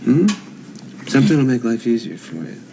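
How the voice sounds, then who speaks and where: A man's voice: medium pitch, big pitch swings, fairly quick. An actor playing an anxious young husband earnestly pleading with his wife in a 1970s TV soap. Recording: noisy old TV audio.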